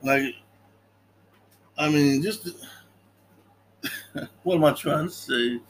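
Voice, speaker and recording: A man's voice: a little high, drawn-out words, a little hiss or hum, poor audio. A man casually recapping a movie's story, loose and chatty, often acting out the characters' lines and laughing. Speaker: podcast host recapping a film. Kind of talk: casual film recap chat.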